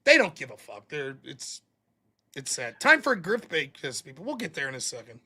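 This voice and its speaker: Animated, lively-voiced male stream host. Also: a little high, a little fast, breathy edge. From United States. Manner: animated, profane, mimics opponents in mocking voices. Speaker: show host. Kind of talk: casual livestream debate chat.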